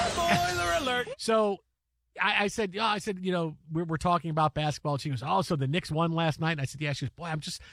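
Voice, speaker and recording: A man in his fifties chatting casually as a host, excitable, with lots of stammering restarts. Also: high-pitched. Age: 50s. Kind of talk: casual chat.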